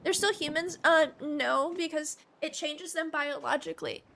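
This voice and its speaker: High-voiced giggly woman streamer. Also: moderate pace, creaky, fairly bright tone. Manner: giggly, rambling, lots of "like". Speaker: game streamer. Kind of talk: casual live-stream chat.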